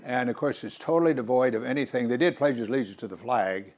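Older male preacher, earnest and animated, mid-pitched voice. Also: quick pace. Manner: earnest, animated, rhetorical questions. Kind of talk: sermon.

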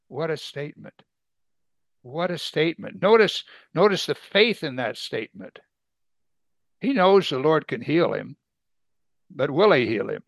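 A man's voice: a little high, a little slow, vocal fry, pauses often, dry recording. A man preaching a conversational sermon, asking rhetorical questions and acting out quoted voices. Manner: acts out quoted speakers with sudden loud excited bursts. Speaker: Bible teacher.

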